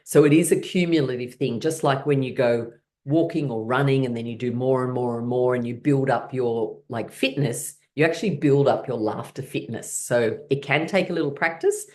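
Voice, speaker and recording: A woman's voice: rumbling low, moderate pace, few pauses, darkish tone. A woman teaching a guided laughter exercise class, coaching her listeners in an encouraging, playful way.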